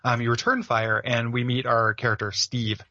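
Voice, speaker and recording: A man's voice: mid-range voice, flat delivery, normal speed, pushed and bright, no room sound, highs cut off. A man co-hosting a podcast, chatting casually about a video game with lots of filler words. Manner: rambling, full of filler words. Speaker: podcast co-host.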